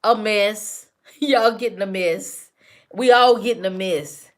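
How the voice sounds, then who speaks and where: A woman's voice: mid-range voice, slow. A woman hosting a casual live stream, talking back to her chat commenters by name with teasing, repetitive banter.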